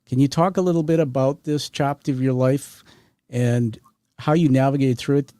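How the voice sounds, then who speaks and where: A middle-aged man hosting a podcast interview, talking in an energetic, rambling way and turning to address his listeners directly. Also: mid-range voice, normal speed, dry recording, clean studio sound. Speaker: podcast host. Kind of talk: conversational interview.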